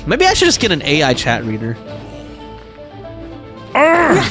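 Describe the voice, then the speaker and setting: A man with a high, very lively voice chats casually through a gaming livestream, reading viewer messages aloud. He laughs often and scatters his talk with fillers. Faint game music plays behind him. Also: quick pace. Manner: animated, reads chat aloud, frequent laughs and fillers. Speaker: streamer.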